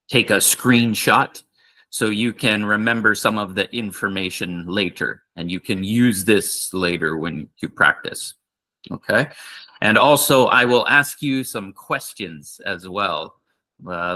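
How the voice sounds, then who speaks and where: A male English teacher leads an online lesson at an unhurried, deliberate pace. His voice is bright and clear, and he stretches out model phrases so learners can repeat them. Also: on the low side. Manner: slow, patient, repeats phrases for learners to copy.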